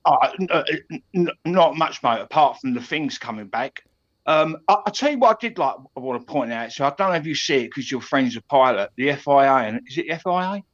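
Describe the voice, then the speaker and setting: A man's voice: medium pitch, animated, brisk, dull audio. A middle-aged man from East London with a Cockney accent, rambling with many restarts as a caller on a stream. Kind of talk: casual chat.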